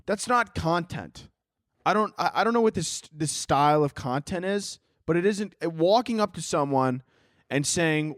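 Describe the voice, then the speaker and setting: A man's voice: on the high side, lively intonation, moderate pace, dry recording, clean studio sound. A man hosting a solo podcast, ranting casually with sarcasm and profanity and laughing at his own jokes. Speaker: podcast host.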